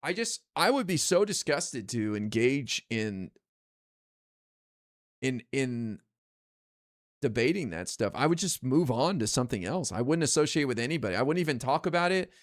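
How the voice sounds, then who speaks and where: A man's voice: mid-range voice, very animated, normal speed, no room sound, clean studio sound. A man ranting casually on his stream, exasperated and profane, rambling with lots of fillers. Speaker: political streamer.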